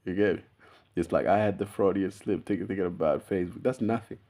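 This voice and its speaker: Rambling low-voiced young man. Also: fast talker, darkish tone. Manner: loose, meandering, laughs often, swears casually. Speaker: YouTuber. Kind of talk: unscripted rambling monologue.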